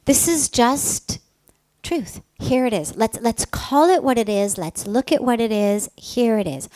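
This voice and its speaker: A woman spiritual teacher giving a talk, telling a personal story in an earnest, emphatic way that now and then drops to a soft whisper. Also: fairly high pitch, expressive, unhurried, rough recording.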